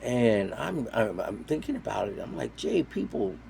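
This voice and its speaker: A man with a fairly low voice tells a story in a relaxed, casual way. He acts out the people he quotes, turning suddenly loud and then dropping to quiet asides. A faint hiss of noise sits under the recording. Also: moderate pace, vocal fry. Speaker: storyteller on a talk show.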